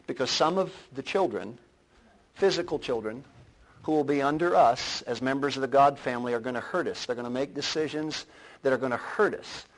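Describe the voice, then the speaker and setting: A man preaching a sermon, swelling to loud emphatic lines and then dropping to a low, quiet delivery. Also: low-quality recording. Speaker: pastor.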